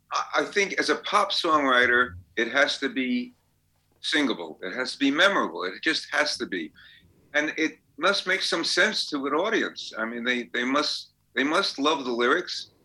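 Bright-voiced older man telling stories. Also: medium pitch, lively intonation, normal speed, rough recording. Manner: rambling anecdotes with fillers and restarts. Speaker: songwriter guest. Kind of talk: casual interview storytelling.

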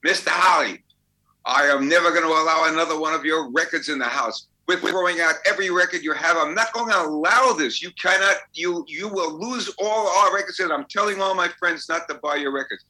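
An older man voicing an angry mother who scolds a man in a restaurant, in a shrill, scolding way. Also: a little fast, sharp tone, poor audio. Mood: furious. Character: angry mother confronting a star.

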